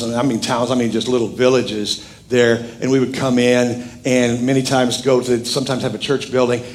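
A middle-aged male pastor preaching a sermon, telling a story with jokes and acting out the other people's lines. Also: mid-range voice. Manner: animated, jokey storytelling with quoted voices.

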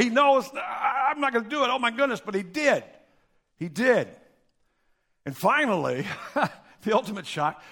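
A man preaching a sermon, telling Bible stories in a folksy, animated way with acted-out quotes. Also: on the high side. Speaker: pastor.

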